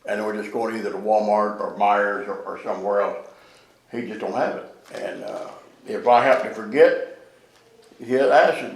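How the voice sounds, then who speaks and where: An older man with a fairly low voice tells plain stories, halting often and starting over. The room around him is echoey. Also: creaky. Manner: halting, full of fillers and restarts. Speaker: church member in a seniors' group. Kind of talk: casual storytelling in a group discussion.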